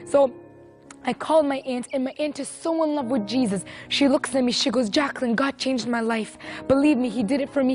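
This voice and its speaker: High-voiced young woman sharing her testimony. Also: darkish tone. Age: 20s. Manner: earnest, emotional storytelling. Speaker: testimony speaker. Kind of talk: personal faith testimony.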